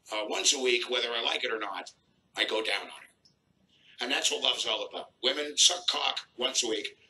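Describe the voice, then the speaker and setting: A middle-aged man doing a crude stand-up set on a live stage, in a gruff, deadpan manner. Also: medium pitch, low-quality recording. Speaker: stand-up comedian.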